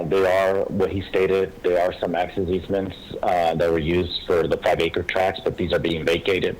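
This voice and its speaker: A man speaking as an applicant's engineer at a public city meeting, explaining a plan with halting restarts. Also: sits low, poor audio.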